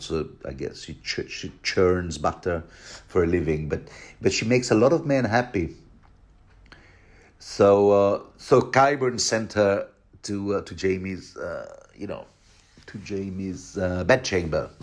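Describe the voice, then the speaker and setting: A man's voice: lowish voice, darkish tone. Rambling, jokey male book commentator. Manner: rambling, jokey, full of fillers and acted quotes.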